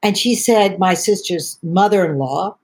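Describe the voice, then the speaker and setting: An older woman talks as a podcast guest about her tea business, wandering from story to story in a chatty, rambling way. Her voice sits a little low for a woman. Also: measured pace, darkish tone. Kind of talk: podcast conversation.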